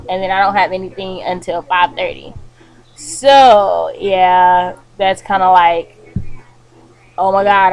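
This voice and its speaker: A woman's voice: mid-range voice, rough recording. Chatty young woman vlogging from bed. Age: young adult. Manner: chatty, animated, frequent fillers like um and like. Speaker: college student vlogger. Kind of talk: casual chat to camera. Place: bedroom, indoors.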